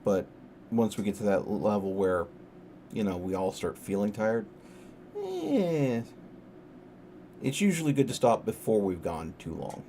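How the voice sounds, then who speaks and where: Man, game master, low-pitched, calm, measured, voice call, faint background hiss. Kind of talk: casual chat on a group stream.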